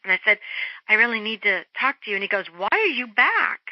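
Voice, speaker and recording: A middle-aged woman, an interview guest, telling a story in an animated way and acting out the voices of the people in it. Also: mid-range voice, fairly quick, dry recording. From Germany. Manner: animated, acts out quoted voices. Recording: dull lo-fi phone-line sound.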